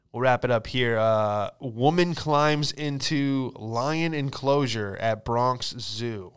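A man's voice: mid-range voice, slow, hardly any pauses, smooth. A man hosting a comedy podcast, riffing and joking loosely about news, profane and laughing often. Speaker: podcast host. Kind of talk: casual comedic chat.

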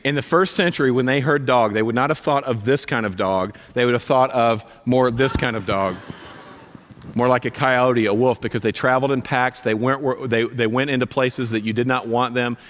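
A man's voice: mid-range voice, steady tone, normal speed, fairly bright tone, a little hiss or hum. A man preaching from the pulpit in a mid-range voice, pressing his points with blunt repeated commands. His sermon rings through a reverberant church hall. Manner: emphatic, repeats commands, direct and punchy. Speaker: pastor. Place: church sanctuary.

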